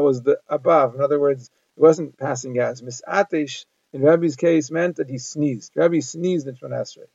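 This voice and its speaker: A man's voice: fairly high pitch, creaky, a little mellow, no room sound. A man giving a daily Talmud lesson, translating phrase by phrase in an explanatory manner. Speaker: Talmud teacher. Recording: dull lo-fi dry recording.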